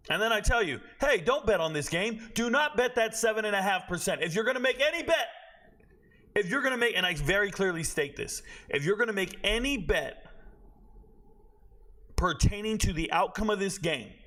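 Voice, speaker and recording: A man's voice: high-pitched, bright, forceful tone. A man hosting a sports betting vlog, ranting in a brash, boastful, scolding way. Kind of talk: betting picks vlog rant.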